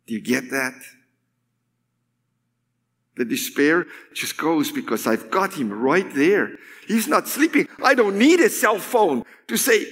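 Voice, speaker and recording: A man preaches in a high, lively voice that climbs and falls dramatically. He takes his time, lingering over words before sinking into hushed tones. The long reverb of a big hall trails behind him. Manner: impassioned, swinging from loud high declarations to hushed, drawn-out words. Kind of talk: sermon. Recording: echoey hall.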